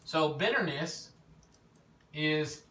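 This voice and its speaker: Animated preacher man, bright echoey voice. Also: drawn-out words. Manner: animated, storytelling, rises in pitch when emphatic. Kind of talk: informal teaching sermon. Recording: echoey room, mic at a distance, faint background noise.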